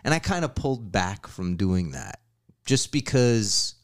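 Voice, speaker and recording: A man's voice: on the low side, sing-song, a little slow. A man talking as a guest on a casual podcast, easygoing, rambling and profane. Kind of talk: casual chat.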